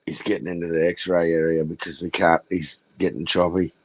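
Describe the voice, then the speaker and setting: A man's voice: low voice, flat delivery, fairly quick, no echo. A man hosting a podcast, bantering crudely with his guests. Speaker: host. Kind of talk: casual podcast chat.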